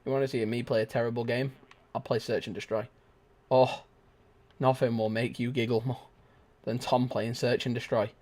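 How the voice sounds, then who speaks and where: A young man giving live gameplay commentary, chatting casually and shouting sudden excited exclamations. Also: medium pitch, moderate pace, pauses often. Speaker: gaming video host.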